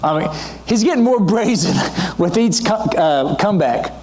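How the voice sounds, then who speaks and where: A man preaching a sermon in a conversational, animated way, often checking in with his listeners. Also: high voice, normal speed. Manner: conversational, asks the audience questions; animated teaching delivery with frequent asides.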